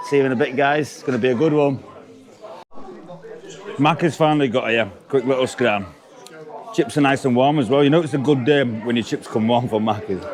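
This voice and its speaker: A man filming a vlog on a city street, talking in a brash, crude and excitable way and swearing freely. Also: medium pitch. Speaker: vlogger filming a street protest. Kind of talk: handheld vlog commentary. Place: outdoors on a busy city street. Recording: loud crowd noise outdoors. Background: loud chanting crowd.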